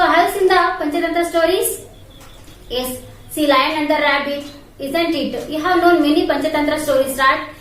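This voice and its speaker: A woman, teaching an online class to young children, spelling each word out letter by letter and checking in with "okay?". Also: high voice. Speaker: primary school English teacher. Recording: very echoey room, mic far off.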